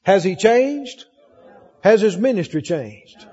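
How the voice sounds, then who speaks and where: Pastor guy preaching high and lively, mellow kinda husky tone, old dull tape with a long echoey church reverb. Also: takes it slowly. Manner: animated preaching, reads scripture aloud, asks the congregation questions. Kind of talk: sermon.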